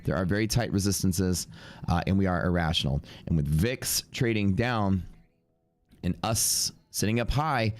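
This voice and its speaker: A young man with a deep, low voice and a stuffy, sniffly nose talks offhandedly through a live trading stream. He mutters numbers to himself as he works, then turns to chat with viewers in a relaxed, casual way. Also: moderate pace. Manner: offhand, thinking aloud while reading out numbers. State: congested with sniffles. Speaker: live-stream day trader.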